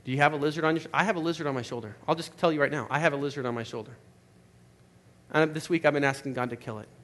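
A man's voice: a little high, racing, fairly bright tone. A man preaching a sermon in an earnest, conversational way, with some fillers. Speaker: pastor.

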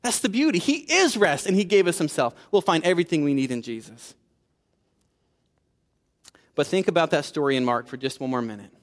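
A man preaching a sermon in a conversational style, building to emphatic peaks and dropping low for asides. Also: expressive, brisk, long pauses, big-room sound. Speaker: pastor.

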